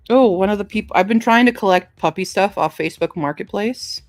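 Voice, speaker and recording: A woman's voice: mid-range voice, a little fast, hardly any pauses, dry recording. A woman hosting a casual livestream, chatting and reading book blurbs aloud. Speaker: book streamer.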